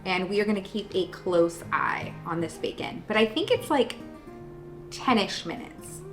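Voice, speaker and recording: A woman's voice: medium pitch, expressive, measured pace, soft background music, poor audio. A woman hosting a casual cooking demonstration in a home kitchen, chatty and self-deprecating with joking asides. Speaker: cooking show host.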